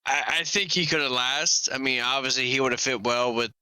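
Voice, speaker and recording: A man's voice: mid-range voice, a little fast, sharp tone, smooth, dry recording. A man hosting a casual live podcast, chatting loosely and rambling about wrestling. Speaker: podcast host.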